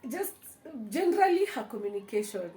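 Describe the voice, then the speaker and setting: A young Kenyan woman hosts a casual vlog chat, telling stories in an animated way and laughing often. Her voice is a little high and brisk, and the room is echoey with faint ambience.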